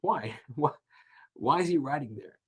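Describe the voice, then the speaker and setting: A man teaching a Talmud class, telling the story with animated emphasis and slowing down to stretch key words. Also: fairly high pitch, breathy edge. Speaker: Torah teacher.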